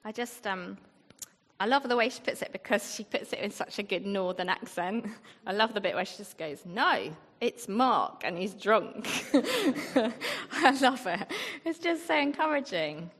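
A woman's voice: medium pitch, animated, moderate pace, a bit bright. Woman preaching in a reverberant hall. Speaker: church speaker. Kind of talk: sermon.

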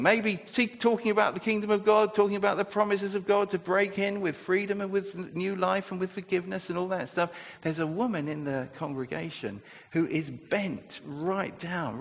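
A man's voice: a little high, vocal fry, fairly bright tone, in a large hall. A man preaching a sermon in a conversational way, asking his listeners rhetorical questions.

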